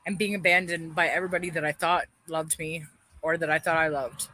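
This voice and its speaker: A woman's voice: low-pitched, little pitch movement, fairly quick, sharp tone, a little hiss or hum. A woman ranting bitterly on a livestream, swearing heavily and airing her grievances. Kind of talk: angry livestream rant.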